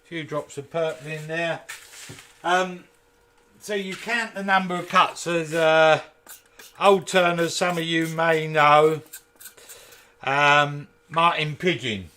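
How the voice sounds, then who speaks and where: Male workshop host, casual live demo, chatty and jokey, bright tense tone with a faint hum of the room behind. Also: fairly high pitch, fairly even intonation, slow, long pauses. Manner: chatty, jokey asides to viewers. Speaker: woodturner and channel host. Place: home workshop.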